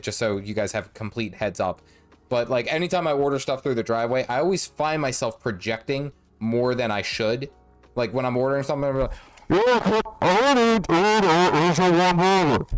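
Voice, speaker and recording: Guy streaming a game, rambly and jokey, middle voice, faint music in the back. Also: mid-range voice. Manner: rambling, jokey, self-mocking. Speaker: gaming livestream host. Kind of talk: casual gameplay commentary.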